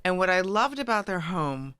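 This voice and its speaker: A woman's voice: fairly low pitch, big pitch swings, normal speed, fairly bright tone, smooth, no room sound. A middle-aged American woman telling stories as a guest in a casual chat, acting out the people she quotes. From United States. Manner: storytelling, acts out quoted voices.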